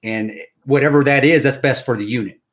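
A man, a former Army Ranger who co-hosts a podcast, in casual conversation, eager and quick to laugh. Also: medium pitch. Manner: eager, laughs often, quick back-and-forth.

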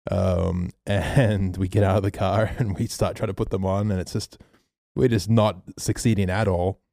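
Man, podcast co-host, low mellow voice, casual sweary storyteller. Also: moderate pace, gravelly, dry recording, clean studio sound. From Australia. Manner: animated storyteller, swears freely, acts out quotes.

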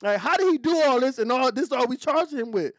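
Give me an animated male podcast host telling a raw story, dry and close. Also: extremely high pitch, a little fast, no room sound. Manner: animated, profane storytelling with shifting voices. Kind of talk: casual storytelling chat.

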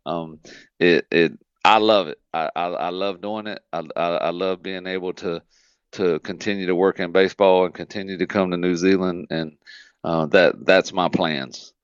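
A man's voice: deep voice, fairly even intonation, normal speed, smooth, no room sound, lo-fi sound. A man from the United States, a baseball team manager, talking earnestly on a radio phone interview, often repeating words as he goes.

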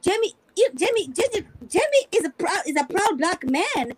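Earnest high-voiced woman. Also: big pitch swings, moderate pace, slight background noise, poor audio. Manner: earnest, repeats words while searching for them. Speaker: review panelist. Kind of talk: casual panel discussion.

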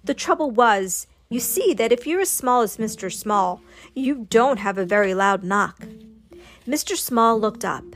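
A woman reading a children's storybook aloud in a slow, gentle, expressive way. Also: on the high side, faint music behind. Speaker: storybook narrator.

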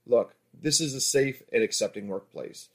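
A man's voice: medium pitch, normal speed, slightly rough. Confident female escort, voiced by a man, frank, matter-of-fact, erotic story reading.

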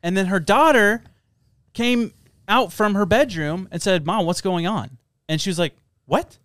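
A man's voice: high-pitched, moderate pace, a bit bright, dry recording, clean studio sound. A man from Florida hosting a casual podcast, rambling with lots of fillers while telling stories. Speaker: podcast host. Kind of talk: casual chat.

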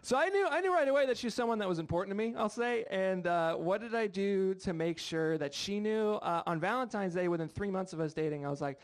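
A man's voice: sits high, lively intonation, brisk, hardly any pauses. A young American man doing a stand-up comedy set, chatty and self-deprecating, bantering with the crowd. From United States. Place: live comedy show with audience.

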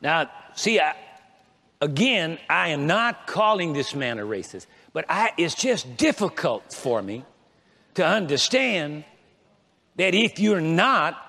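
A pastor preaches a sermon in a voice on the high side, slow and pushed and bright, with big pitch swings and vocal fry. He leads the congregation in call-and-response, repeating himself and stumbling into stammering restarts as he builds his point. The long reverb of a large church hall surrounds him.

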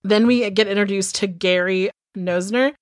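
A woman in her thirties, chatting casually as a podcast co-host. She swears freely and talks in an animated way. Her voice sits in an ordinary middle range and is recorded close and dry. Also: medium pitch, moderate pace, dry recording. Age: 30s. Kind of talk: casual chat.

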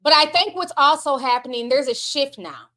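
Hosting a casual livestream, a woman with a high, bright voice reads out super chats and responds at a moderate pace. She's sassy and animated, swears freely, and talks straight to her viewers.

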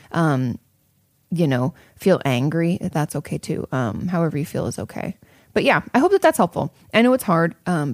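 A woman therapist with a fairly low, gravelly, slightly mellow voice answers audience questions in a casual advice talk. She is reassuring and chatty, with many fillers and restarts. The sound is clean studio quality with no room sound.

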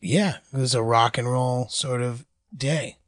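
A man's voice: mid-range voice, fairly even intonation, measured pace, no echo, studio quality. A man co-hosting a podcast in casual banter, joking and mumbling a little. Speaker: podcast co-host.

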